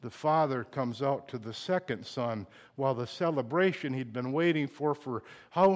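A middle-aged man preaching a sermon, moving between quiet confiding talk and loud impassioned bursts, emotional at times. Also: fairly high pitch. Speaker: pastor.

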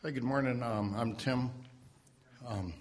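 A man at a church mic telling a personal story, halting and self-deprecating, with many fillers and restarts. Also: mid-range voice. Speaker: church member sharing a testimony. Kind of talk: unscripted personal testimony. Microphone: standing mic.

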